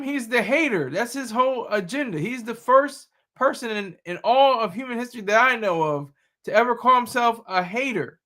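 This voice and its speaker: Man, streamer, taunting casual commentary, tense bright tone. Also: high-pitched, animated, moderate pace. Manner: combative, mocking, repetitive. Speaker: streamer reacting to news and chat.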